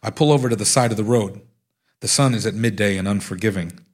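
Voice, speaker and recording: A man's voice: fairly low pitch, fast talker. A man, an author, reading his own nonfiction aloud in a dry, wry storytelling way.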